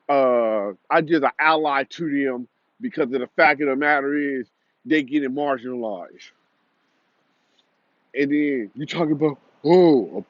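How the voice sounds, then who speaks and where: A man's voice: medium pitch, no echo, dull audio. A young man delivering a heated, repetitive, confrontational commentary rant.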